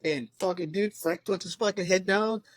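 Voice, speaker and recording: A man who works as a tattoo artist, telling animated, profane stories in a casual conversation over a remote call. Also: high-pitched, normal speed, no echo. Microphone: remote call mic.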